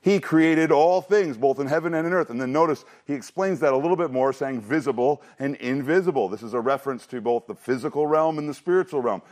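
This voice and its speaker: A man preaching an expository sermon in an emphatic teaching manner, rushing through asides and slowing down to stress key phrases, often repeating himself for emphasis. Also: a little high, darkish tone. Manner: emphatic, shifting between quick asides and slow stressed phrases. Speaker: pastor.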